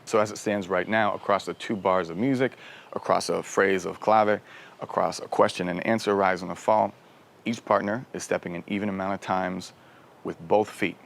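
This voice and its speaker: A man's voice: low voice, steady tone, moderate pace, vocal fry. A man explaining rhythm and counts as a dance instructor, sometimes counting beats and vocalizing patterns aloud.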